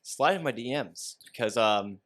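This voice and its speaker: Young guy, podcast co-host, rambles and jokes, swears a lot, mid-pitched. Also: animated, normal speed, a bit bright. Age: 20s. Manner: rambling, joking, swears freely. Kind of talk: casual chat.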